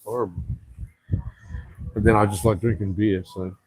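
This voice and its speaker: A man's voice: on the low side, fairly even intonation, normal speed, a little mellow, breathy edge, no room sound. A man chatting on a rambling live stream from an outdoor rooftop bar, swearing freely and reading out viewer comments. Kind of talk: casual live stream chat.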